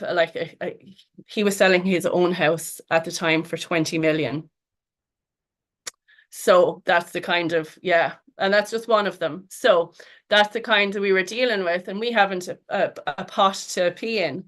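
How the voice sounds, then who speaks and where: A woman's voice: on the low side, a bit bright. An Irish woman in middle age talks through a personal story in a loose, conversational way. She laughs often, trails off and restarts, and keeps filling gaps with little verbal fillers. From Ireland. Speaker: podcast guest. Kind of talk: casual storytelling interview.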